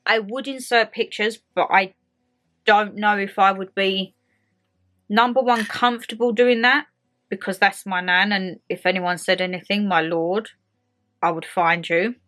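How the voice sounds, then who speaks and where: A young woman with an Essex accent chatting to camera as a vlogger, telling a story in a lively way and acting out the people in it. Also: mid-range voice, a little slow. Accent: Essex English. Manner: chatty, animated storytelling with acted quotes. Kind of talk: casual chat to camera. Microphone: handheld phone camera.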